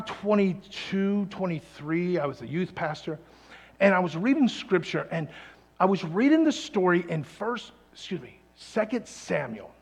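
A man preaching a sermon, telling a story dramatically and swinging from loud calls to hushed tones. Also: sits high. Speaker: pastor. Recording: long hall reverb.

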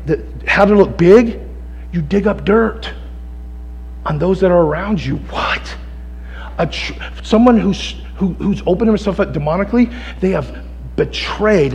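A middle-aged male pastor preaching a sermon, swinging from hushed, intense passages to loud, shouted exhortation. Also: sits high, in a large hall, rough recording.

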